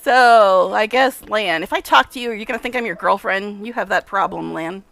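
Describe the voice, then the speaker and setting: A woman's voice: mid-range voice, normal speed, creaky, a bit bright. A woman streaming a game, making giggly, amused casual asides. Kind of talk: casual commentary while playing.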